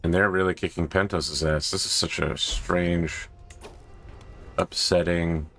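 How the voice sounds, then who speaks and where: A man with a very low, deep voice talks through a strategy game in a loose, casual way, tossing in joking and self-mocking asides. Faint music plays quietly beneath him. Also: steady tone, measured pace. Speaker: gaming video host. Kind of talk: casual gameplay commentary.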